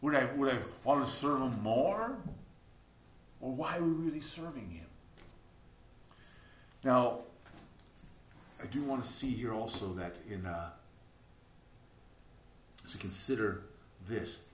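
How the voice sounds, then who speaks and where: A man preaching a sermon as a pastor, in an earnest manner that swings between loud, emphatic bursts and quiet, reflective stretches. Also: mid-range voice, lively intonation, slow pace, long pauses, a little hiss or hum. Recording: roomy, dull lo-fi recording.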